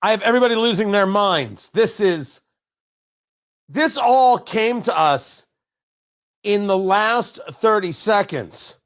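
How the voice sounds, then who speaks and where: A man's voice: high-pitched, lively intonation, takes it slowly, fairly bright tone, clean tone. A man hosting a political talk show from a studio, talking in an indignant, mocking and emphatic way. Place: radio studio.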